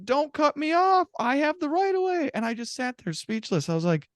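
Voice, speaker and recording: A man co-hosting a casual sports podcast, animated and swearing freely as he tells stories. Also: extremely high pitch, brisk, no room sound, clean studio sound. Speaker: podcast co-host.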